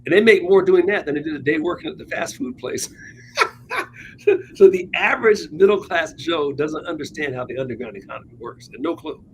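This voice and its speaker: A man's voice: fairly high pitch, fairly quick, slight background noise, low-quality recording. A man co-hosting a political talk show, telling anecdotes in a chatty, wry way. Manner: chatty, wry, laughs at his own points. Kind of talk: casual political chat, anecdotal storytelling.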